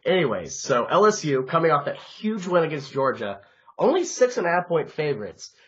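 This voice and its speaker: A man co-hosting a podcast, chatting casually and excitably about football bets and mocking himself. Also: fairly high pitch, moderate pace. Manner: excitable, self-mocking, frequent restarts. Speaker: podcast co-host. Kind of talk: casual sports-betting chat. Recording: dull, muffled podcast audio.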